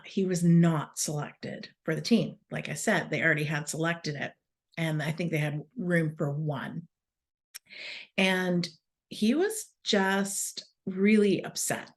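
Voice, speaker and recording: Chatty, rambling woman with a lowish voice. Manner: rambling, chatty, laughs mid-sentence; self-correcting restarts and asides. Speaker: wellness speaker. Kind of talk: casual storytelling.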